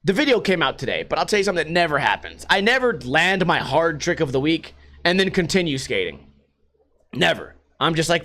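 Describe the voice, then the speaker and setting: Casting: male podcast host, high voice, lively swoops, profane mocking rant. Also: normal speed. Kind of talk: casual rant. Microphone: podcast microphone.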